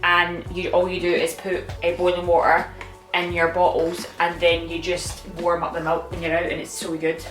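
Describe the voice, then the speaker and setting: A woman's voice: lowish voice, monotone, moderate pace, a bit bright, faint music behind. A young woman chatting casually about new motherhood, rambling with lots of fillers. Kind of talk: casual chat. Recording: echoey room.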